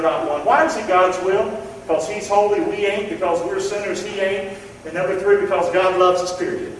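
A man's voice: sits high, a little hiss or hum. A male pastor with a Southern US accent preaching a folksy, impassioned sermon with call-and-response in a church sanctuary. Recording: echoey hall, mic far off.

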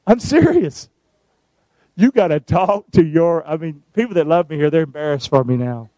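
High-voiced preaching pastor, dry sound. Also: male voice, very animated, normal speed, dark tone, dry recording. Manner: emphatic preaching with call-and-response. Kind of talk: sermon.

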